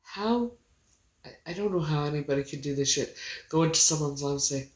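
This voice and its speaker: A woman livestreaming casually on her phone, talking in an emotional, halting way with many pauses and restarts. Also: sits low, echoey room.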